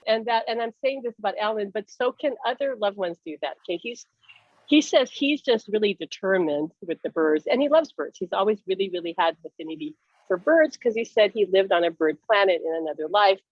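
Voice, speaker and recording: A woman speaking as a spiritual medium in a casual talk, telling stories in a lively way and laughing often. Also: medium pitch, fairly quick, dry recording, lo-fi sound. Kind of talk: casual talk show chat.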